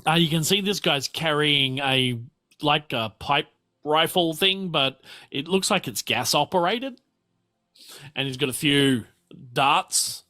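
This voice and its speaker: A man with an Australian accent running a tabletop game as game master, narrating in a relaxed, rambling way with many fillers. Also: on the high side.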